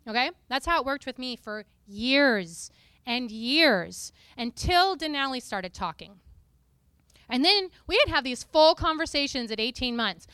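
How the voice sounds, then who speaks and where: A woman preacher giving a lively, playful teaching talk to a congregation, often breaking into sung and spoken snippets. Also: sits high, a little slow, no echo, studio quality.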